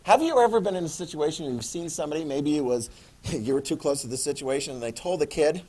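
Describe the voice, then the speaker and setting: A middle-aged man giving a classroom history lecture in a jokey, animated way, acting out quick voices. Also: fairly high pitch. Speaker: history teacher.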